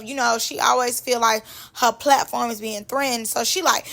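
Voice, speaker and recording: A young woman hosting her own vlog, recapping reality TV in an animated, slangy, chatty way. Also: high voice, brisk, vocal fry. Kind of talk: casual commentary vlog.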